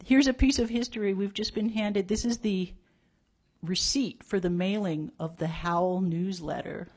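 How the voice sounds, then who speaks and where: A woman speaking as an organization's president, presenting an award in an earnest, measured way. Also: mid-range voice, a little mellow. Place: banquet hall stage.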